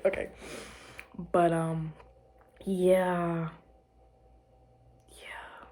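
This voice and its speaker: A young woman chatting to camera about her life, rambling and restarting, giggling and dropping to quiet murmurs. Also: on the low side, normal speed, pauses often. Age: young adult. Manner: rambling, self-interrupting, giggly, drops to murmurs. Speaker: vlogger. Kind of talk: casual chat to camera.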